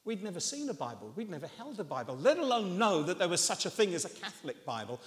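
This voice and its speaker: A man's voice: high-pitched, very animated, fast. A man in his sixties from England, preaching a sermon as a chuckling, self-mocking storyteller. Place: church hall. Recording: long reverb of a church hall.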